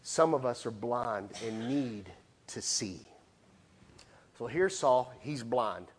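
A man preaching a sermon with animated storytelling, acting out the voices in the story. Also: medium pitch, slow pace, a little hiss or hum.

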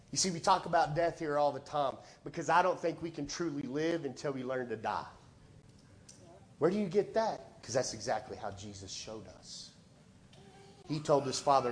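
Emphatic preacher swinging loud to soft. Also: male voice, medium pitch, lively intonation, moderate pace, pauses often, a little hiss or hum. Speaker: pastor. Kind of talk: sermon.

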